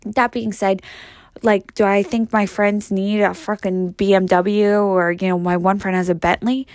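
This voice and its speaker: A woman's voice: medium pitch, little pitch movement, moderate pace, darkish tone. A young adult woman hosting a podcast, talking in a casual solo monologue, blunt and profane, rambling with lots of fillers. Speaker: podcast host.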